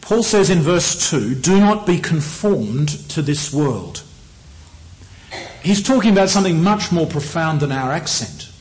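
A middle-aged man with an Australian accent preaching a sermon in a measured, earnest way, often slowing down on key phrases. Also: on the high side, rough recording.

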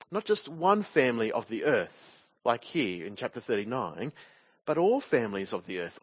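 A man's voice: a little high, no room sound, dull audio. A man preaching a sermon from a church pulpit, walking through a passage and closing his points with rhetorical tag questions.

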